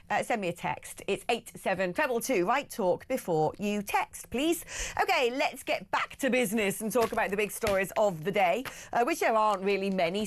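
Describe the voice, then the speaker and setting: Lively chatty British radio host woman. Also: fairly high pitch. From United Kingdom. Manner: chatty, animated, with many fillers. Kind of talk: chatty radio phone-in hosting. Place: radio studio. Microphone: studio microphone.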